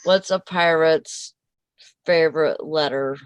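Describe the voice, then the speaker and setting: A woman's voice: low voice, takes it slowly, smooth, dry recording, poor audio. A woman joining a casual morning chat show, giggly and playful. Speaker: show guest.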